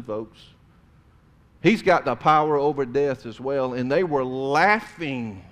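A man preaching a sermon, swinging between loud emphasis and hushed tones. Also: on the high side.

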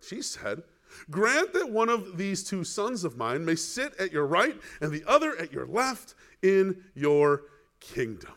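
A man's voice: high-pitched, unhurried. A male pastor preaching a sermon, asking the congregation questions and acting out the people in the story. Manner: animated, rhetorical questions, acts out biblical characters.

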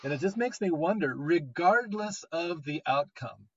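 A man's voice: a little high, expressive, moderate pace, breathy edge. Chatty man on lo-fi podcast audio. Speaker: podcast co-host. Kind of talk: casual conversation. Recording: dull lo-fi audio.

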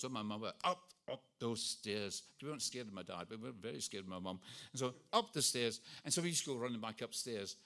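A man's voice: mid-range voice, bright, forceful tone. A Scottish man in his sixties preaching a sermon, earnest and storytelling with self-deprecating humour. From Scotland. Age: 60s.

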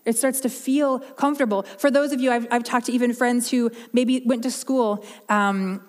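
A woman's voice: fairly high pitch, steady tone, moderate pace, long reverb tail. A woman preaching a sermon in an earnest, heartfelt way, often restarting and repeating her words.

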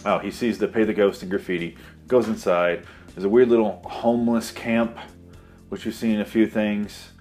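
A man with a very low voice rambles through a movie recap, full of sarcasm and swearing. He drifts into asides and mock voices as he goes. Faint music plays quietly underneath. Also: steady tone, moderate pace. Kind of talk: comedic movie recap monologue.

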